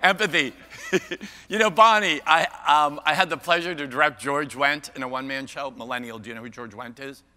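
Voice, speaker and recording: A man's voice: fairly high pitch, fairly quick, sharp tone. An older man giving a keynote talk, playful and self-mocking, bantering with the audience by name. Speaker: keynote speaker. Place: large conference hall. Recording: long hall reverb.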